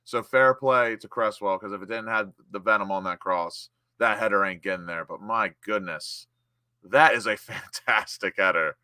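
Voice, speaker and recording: A young man from the United States hosting a live football watchalong, chatting casually and bursting into excited shouts when his team attacks. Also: fairly low pitch, moderate pace, dry recording, clean studio sound. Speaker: watchalong host. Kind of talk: live match watchalong commentary.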